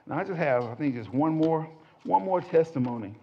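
A man's voice: on the high side, a little fast. A man telling a church testimony to a small group in a folksy, conversational way. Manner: conversational, folksy, animated storytelling. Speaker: church minister giving a testimony. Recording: dull lo-fi audio.

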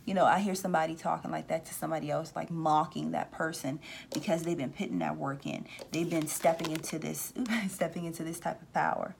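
A woman's voice: low-pitched, fairly even intonation, fairly quick, gravelly, slight background noise. A woman hosting a casual spiritual talk, rambling with restarts and acting out voices she says she hears. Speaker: spiritual reader and channel host.

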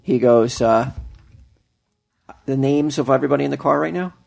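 A man's voice: medium pitch, normal speed, vocal fry, darkish tone. A man telling a long story in casual chat, with many fillers and restarts. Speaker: podcast co-host telling a story.

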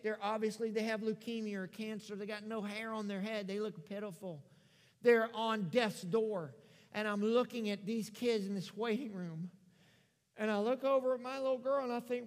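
A middle-aged American man preaching a sermon, telling a personal story with acted-out dialogue, rising loud then dropping to a hush. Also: high-pitched, moderate pace. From United States. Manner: animated storyteller, acts out dialogue, swings from loud to hushed. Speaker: pastor. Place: church sanctuary. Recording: long reverb of a large church hall.

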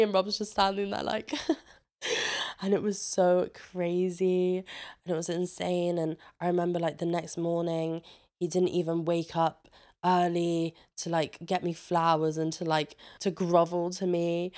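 Girl in her 20s spilling a breakup story, kinda low voice, swears a lot, acts out the quotes. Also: normal speed. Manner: chatty and swearing, with animated re-enacted quotes. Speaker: vlogger. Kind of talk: candid personal storytelling.

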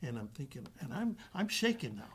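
A man telling a guest anecdote in an animated way, acting out the voices of the other people with frequent restarts. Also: mid-range voice, fairly quick, a loud crowd. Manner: acts out quoted dialogue with restarts. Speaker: actor guest.

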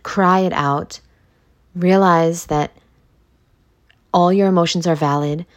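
A woman hosting a motivational podcast who talks in a blunt, emphatic, profane way. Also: low-pitched. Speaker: podcast host.

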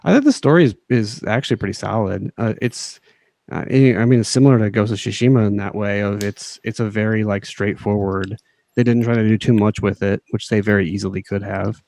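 A man's voice: on the low side, steady tone, brisk, creaky, darkish tone, dry recording. A man co-hosting a casual gaming podcast, easygoing and chuckling between remarks. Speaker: podcast co-host. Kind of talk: casual podcast chat about a video game.

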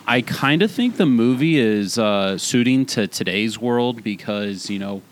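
A man's voice: mid-range voice, lively intonation, unhurried, a little hiss or hum. A man co-hosting a podcast, rambling and incredulous in casual film chat. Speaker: podcast co-host.

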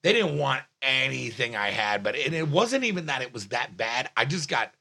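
New guy telling a comedy story, gravelly and bright, swears a lot, trips over himself. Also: mid-range voice, normal speed. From Staten Island, New York. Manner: animated, profane, many restarts and filler words. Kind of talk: casual podcast storytelling.

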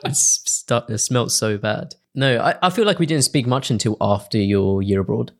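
A man in his twenties hosting a casual podcast, relaxed, asking his guest questions. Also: mid-range voice, moderate pace. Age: 20s. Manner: relaxed, asks the questions, slips into a put-on announcer voice for intros. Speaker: podcast host. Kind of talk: casual chat.

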